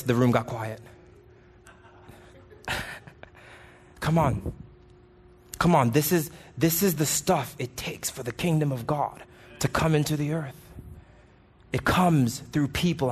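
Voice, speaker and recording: A man preaching a sermon with passion, pleading loudly at times and then dropping his voice low. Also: a little slow, long pauses, breathy edge. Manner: impassioned, rising to pleading shouts and dropping low.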